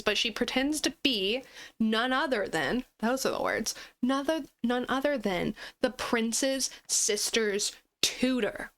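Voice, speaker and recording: A woman chats through her gameplay in a playful, giggly way. She speaks slowly and stretches out her words, and her voice sits a little high. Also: fairly bright tone. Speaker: gaming channel host. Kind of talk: casual gameplay chat.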